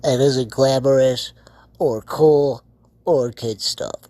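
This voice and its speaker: A man putting on a slow, drawn-out voice as a grim figure warning against drugs, recorded as a phone voice message. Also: medium pitch, fairly even intonation, mellow, no room sound, studio quality, lightly acted. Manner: slow, drawn-out, menacing delivery.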